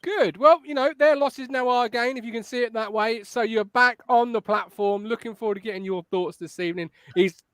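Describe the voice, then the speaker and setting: A man's voice: very high-pitched, brisk, few pauses, fairly bright tone, clean tone, dry recording. A man hosting a live fan podcast, chatty and upbeat as he reads out comments from the live chat. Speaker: podcast host.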